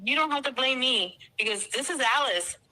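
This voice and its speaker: A woman's voice: sits high, animated, normal speed, bright, forceful tone, poor audio. A woman with a Texan accent calling in to a live stream, telling an emotional story, swearing and repeating herself.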